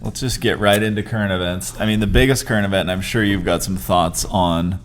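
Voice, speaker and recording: A man's voice: low voice, steady tone, a little fast, slight background noise. A man co-hosting a casual podcast from a house-sit, joking and giving blunt opinions with frequent restarts. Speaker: podcast co-host.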